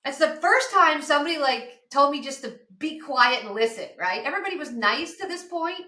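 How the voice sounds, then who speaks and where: Lively woman in her fifties, roomy sound. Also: high voice, a little fast. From outside Philadelphia, USA. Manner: lively storyteller who acts out past dialogue. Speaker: podcast guest, addiction counselor. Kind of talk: personal storytelling on a podcast. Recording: roomy echo.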